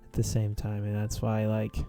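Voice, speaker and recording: A man's voice: on the low side, completely flat delivery, normal speed, dark tone, clear, resonant tone. A man rambling philosophically in casual chat while playing a video game, full of "like" fillers. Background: faint game music.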